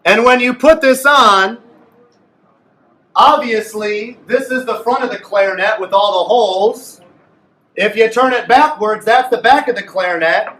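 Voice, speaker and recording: High-voiced man coaching a clarinet class. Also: a little slow, pushed and bright. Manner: playful, coaching a class aloud. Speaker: music teacher. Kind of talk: group clarinet lesson. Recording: echoey room from far off.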